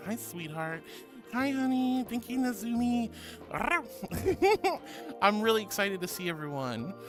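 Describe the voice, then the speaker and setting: High-voiced man, sweet streamer over music. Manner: affectionate, calls viewers sweetie and honey; playful, self-deprecating. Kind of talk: livestream chat reading. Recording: loud music behind the voice.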